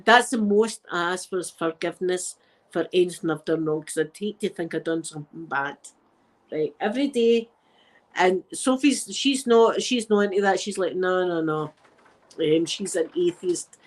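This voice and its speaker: This time the middle-aged Glaswegian host speaks in a fairly low voice at a moderate pace, chatting casually on her channel, rambling through stories, and laughing often. She's from Scotland.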